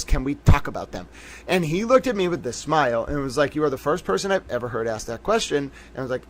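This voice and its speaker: A man doing casual livestream commentary on court cases, rambling and animated, swearing freely with sudden bursts of excitement. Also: fairly high pitch, quick pace.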